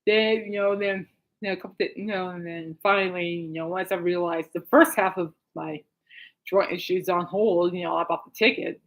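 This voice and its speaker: A woman's voice: fairly low pitch, steady tone, normal speed. A woman hosting her own podcast in a casual chat, rambling with lots of fillers and laughing often. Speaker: podcast host.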